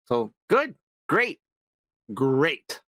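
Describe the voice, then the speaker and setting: A man with a lively, swooping voice rambles on as he co-hosts a casual podcast, repeating himself and swearing freely. The recording is dry and close. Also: on the high side, extremely slow, no room sound. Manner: rambling, repetitive, swears often. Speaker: podcast co-host. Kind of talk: casual profane nerd-news banter.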